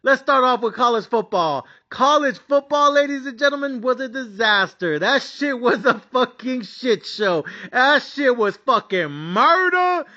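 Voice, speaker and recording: A man's voice: extremely high pitch, expressive, a little slow, few pauses, sharp tone, highs cut off. A man hosting a sports betting podcast, ranting casually with a boisterous, foul-mouthed, hyped-up manner. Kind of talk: casual profane podcast rant.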